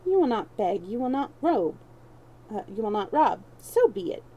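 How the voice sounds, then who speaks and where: A woman's voice: a little high, big pitch swings, moderate pace, dark tone, dull audio. A woman voicing a crafty young male street thief who mocks and schemes in archaic speech. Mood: scheming.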